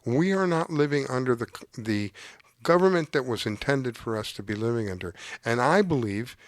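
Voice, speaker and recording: A man holds forth from his home desk in an impassioned, preachy tone, his pitch swooping up and down as he presses his point. The sound is dry and close, with no room around it. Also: expressive, normal speed, no echo. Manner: earnest, preachy, emotionally worked up. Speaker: show host. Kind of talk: impassioned political commentary. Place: home desk with dog underneath.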